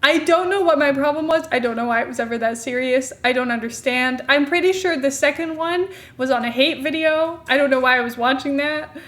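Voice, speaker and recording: A woman's voice: high-pitched, fairly quick, few pauses, fairly bright tone. A young woman streamer chatting casually, giggling often and poking fun at herself. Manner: giggly, self-mocking, chatty. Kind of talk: casual live-stream commentary.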